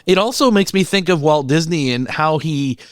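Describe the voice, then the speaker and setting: Male podcast host, slightly high voice, reflective and halting, dry close recording. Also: expressive, smooth, no room sound. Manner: thoughtful, halting, restarts words. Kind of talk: reflective interview response.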